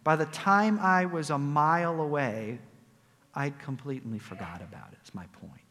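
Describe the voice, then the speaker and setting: A man preaching a sermon as a pastor, swinging from loud emphatic peaks to quiet low asides. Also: normal speed, big-room sound.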